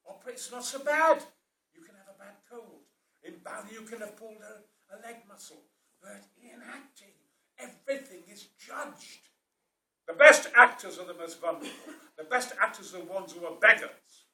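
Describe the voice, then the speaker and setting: A man with a Yorkshire accent telling stories about acting in a booming, theatrical way, swinging from a hush to a roar. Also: normal speed, slight background noise. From South Yorkshire, England. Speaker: actor. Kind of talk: theatrical storytelling interview. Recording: roomy sound from a distant mic.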